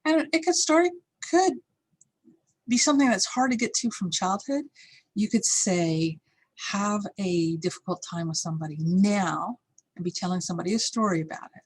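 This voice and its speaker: A woman's voice: medium pitch, animated, moderate pace, husky. A middle-aged woman teaching a course, telling a candid, reflective personal story and acting out the voices in it. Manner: candid, reflective, acts out yelled lines.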